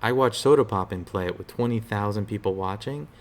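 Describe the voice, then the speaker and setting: A man streaming games, chatting casually in a relaxed, rambling way with a soothing voice and lots of fillers. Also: lowish voice, a little fast. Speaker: game streamer. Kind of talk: casual live-stream chat.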